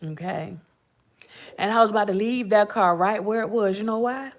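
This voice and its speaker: Speaking at normal speed in a medium-pitched voice, a middle-aged woman hosts a podcast, sharing casual stories with her audience. She's chatty, laughs frequently, and addresses listeners as "y'all."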